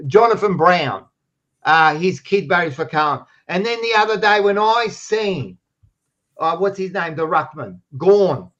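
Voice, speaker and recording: An Australian man co-hosting a casual footy podcast, loud and teasing, swearing freely. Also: sits high, expressive, measured pace, highs cut off. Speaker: podcast co-host.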